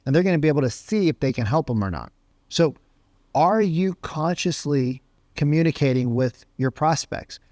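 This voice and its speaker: A man's voice: a little high, animated, moderate pace, dark tone, no echo, studio quality. A man giving a motivational talk as a sales coach, emphatic and full of rhetorical questions. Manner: emphatic, asks rhetorical questions, says "right?" often.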